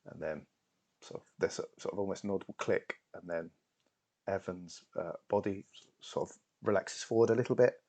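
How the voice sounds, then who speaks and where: A man's voice: sits low, a little fast, a little mellow. A man narrating as game master of a tabletop role-playing game, hesitant and full of "sort of".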